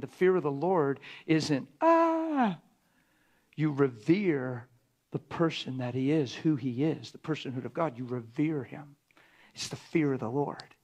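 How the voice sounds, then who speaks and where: A middle-aged man preaching in a conversational sermon, often dropping to a hushed whisper for emphasis. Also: fairly high pitch.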